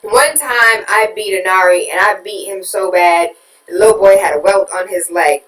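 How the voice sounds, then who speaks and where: A woman's voice: medium pitch, normal speed, fairly bright tone, roomy sound, recorded from a distance, poor audio. A woman hosting a talk radio show, preaching at listeners with rhetorical questions and candid confessions about her own parenting.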